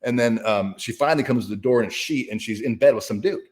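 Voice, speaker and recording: Speaking fast at a medium pitch, a man who is a guest speaker and author shares a personal story in an interview, keeping it casual, profane, and emphatic while restarting many times.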